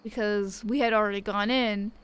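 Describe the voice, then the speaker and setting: A woman's voice: medium pitch, steady tone, normal speed, clear, resonant tone, poor audio. A young woman streamer telling a rambling, profane story in casual chat, often laughing. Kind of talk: casual chat while gaming.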